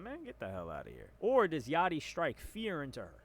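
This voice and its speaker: A man's voice: on the high side, huge pitch swings, fairly quick, fairly bright tone. A man reading out messages and reacting with incredulous, mocking asides in casual reaction commentary.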